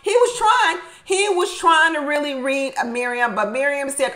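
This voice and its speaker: A woman casually and animatedly recaps a reality show, laughing often and repeating points for emphasis. Her voice is high, her pace normal, and the audio poor.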